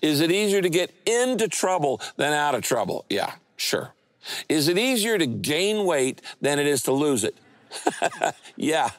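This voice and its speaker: A male pastor delivering a sermon in a mid-range voice with a dry, close sound. He preaches emphatically and keeps quizzing the congregation. His pitch and pace swing for emphasis. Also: no room sound. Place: church stage speaking to several campuses.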